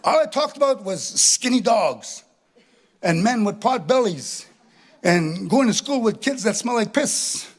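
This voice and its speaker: A middle-aged man from Canada telling a stand-up comedy story on a theatre stage, animated, chuckling as he acts out voices. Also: sits high, a little slow. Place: theatre stage with live audience.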